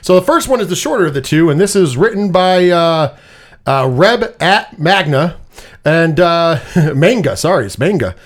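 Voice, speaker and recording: High, animated male podcast host. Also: normal speed. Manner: chatty, rambling, laughs at own jokes. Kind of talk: casual movie review chat.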